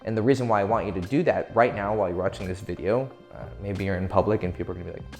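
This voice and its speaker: Laid-back, low-voiced man coaching. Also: racing, gravelly, hardly any pauses, a little mellow, faint music behind. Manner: loose and profane, laughing easily. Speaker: dating advice coach. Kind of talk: casual instructional talk.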